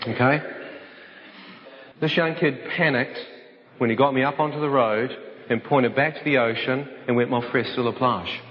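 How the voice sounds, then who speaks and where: A man's voice: mid-range voice, fairly even intonation, normal speed, long pauses. Storytelling man in an echoey hall. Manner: vivid storytelling, acts out voices. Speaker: speaker giving a testimony. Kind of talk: dramatic personal testimony to an audience. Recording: echoey hall, dull sound.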